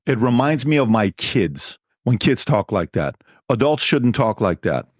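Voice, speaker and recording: Middle-aged male podcast host, emphatic storyteller, lively swinging pitch, dry close sound. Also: measured pace, no room sound. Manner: emphatic, repeats himself, acts out dialogue. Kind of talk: animated storytelling chat.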